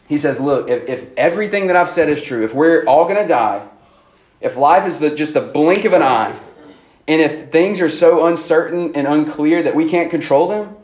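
Casual youth pastor in an echoey hall. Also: male voice, a little high, lively intonation, a little mellow. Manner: casual and conversational, with frequent "like" and "man" and quick restarts. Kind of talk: lively youth sermon. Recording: roomy echo, faint room noise.

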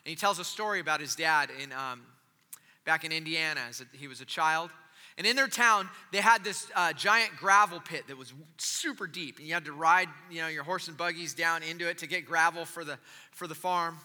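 A man preaching a sermon as he tells a story, animated and then softly gentle. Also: fairly high pitch, fairly quick, long reverb tail. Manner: animated, drops to soft gentle tones. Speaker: pastor.

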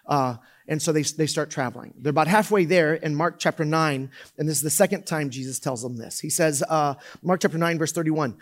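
Male pastor, relaxed conversational sermon, lots of restarts, slightly higher voice. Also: fairly quick, few pauses. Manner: conversational, loose, full of fillers and restarts. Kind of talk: casual sermon.

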